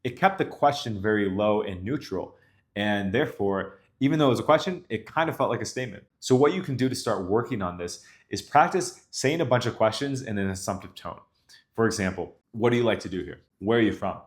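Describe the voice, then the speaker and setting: A young man coaching other men on dating, talking to camera in a confident, even tone that ends his sentences low. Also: fairly quick. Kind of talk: instructional talk to camera.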